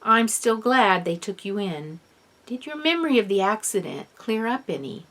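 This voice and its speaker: A woman's voice: medium pitch, sing-song, moderate pace, fairly bright tone. A woman reading the part of a caring, matter-of-fact mother in a storybook. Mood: concerned.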